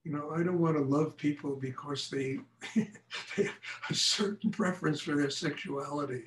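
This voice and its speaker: A man's voice: a little high, moderate pace, echoey room, a little hiss or hum, poor audio. An older man, a meditation teacher, speaking frankly and telling stories in a lecture and question session after a class. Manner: frank, animated storytelling.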